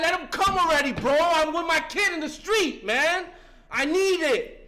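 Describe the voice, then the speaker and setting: A man's voice: very high-pitched, bright, forceful tone. A man in his fifties from New York, giving a passionate, profane recovery testimony and often breaking off with "listen" and "man.". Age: 50s. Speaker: speaker sharing at a recovery meeting.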